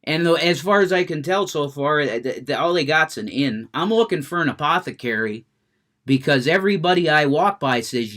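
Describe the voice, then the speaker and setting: Here a grown man, a smoker, has a mid-range voice with a fairly bright tone, talking at normal speed. It's an unfiltered rant packed with swearing that gets him worked up, followed by gameplay chat about the video game in front of him.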